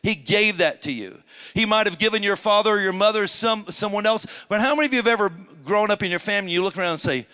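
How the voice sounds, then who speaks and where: Bright, high-voiced preaching man. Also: very fast, few pauses, smooth. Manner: emphatic preaching, draws out key words, asks the congregation questions. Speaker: pastor. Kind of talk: sermon. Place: church before a live congregation.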